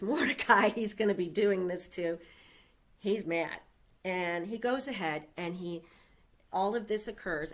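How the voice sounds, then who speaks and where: A woman delivers a sermon at an unhurried pace, retelling an old story in a relaxed, chatty way. Her voice sits at an ordinary middle pitch, and she drops in casual asides to her listeners. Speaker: speaker giving the Sunday message.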